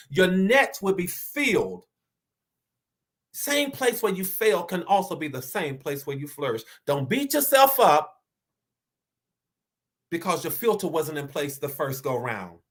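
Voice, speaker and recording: Inspirational speaker, sermon-style delivery, mid-pitched voice, stammers and repeats, slows down hard for emphasis. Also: a bit bright. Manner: preacher-like, rising to emphatic declarations. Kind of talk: motivational sermon-style talk.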